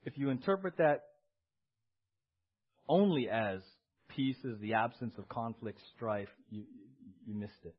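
A man's voice: mid-range voice, measured pace, long pauses. A man preaching a sermon to his church, emphatic, asking rhetorical questions and repeating key words. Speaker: pastor. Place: church service. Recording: dull lo-fi sermon audio.

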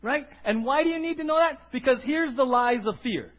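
A man's voice: very high voice, a little fast. A male pastor preaching an emphatic sermon, firing questions at the congregation for them to answer back. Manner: emphatic, call-and-response questioning. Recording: dull lo-fi recording.

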